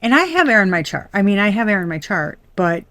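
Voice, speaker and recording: A woman reading tarot cards for a general audience in a loose, chatty way. She speaks bluntly, swears freely and vents her irritation in quick asides. Her voice sits at an ordinary middle pitch and sounds close and dry, with no room echo. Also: big pitch swings, fairly bright tone. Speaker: tarot reader. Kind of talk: casual collective tarot reading.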